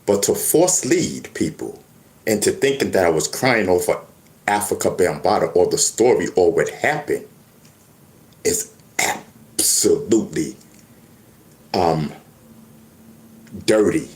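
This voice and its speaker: New man, low and lively, lots of stammered restarts; echoey room. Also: slow pace, pauses often. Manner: animated storytelling with many restarts and stammers. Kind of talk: casual monologue to camera.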